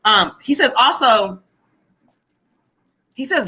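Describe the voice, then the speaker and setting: Bright-voiced woman giving a live tarot reading. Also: high-pitched, moderate pace, pauses often, breathy edge, poor audio. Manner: chatty, laughs often, relays spirit messages. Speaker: psychic reader.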